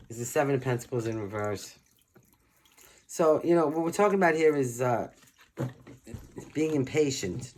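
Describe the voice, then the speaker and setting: A man's voice: mid-range voice, slight background noise. A man giving a casual tarot reading, chatty and reassuring, with many fillers. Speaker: tarot reader.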